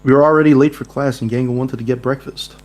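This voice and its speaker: A man's voice: mid-range voice, fast talker. A young man reads a dating-sim game aloud with friends on a home mic, cracking jokes and laughing between lines. A faint mains hum runs behind his voice. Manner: laughing, jokey, animated asides. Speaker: game player reading aloud.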